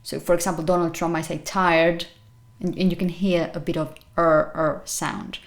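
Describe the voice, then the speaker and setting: Woman language teacher, slow deliberate pronunciation, repeats each word. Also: deep voice, level tone, gravelly. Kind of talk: pronunciation lesson.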